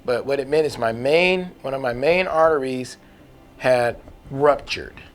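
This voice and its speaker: A man tells his own faith testimony in a relaxed, conversational way. He is earnest and candid, often restarts his sentences, and uses folksy turns of phrase. His voice sits at an ordinary middle pitch. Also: a little slow, faint music behind. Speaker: testimony speaker.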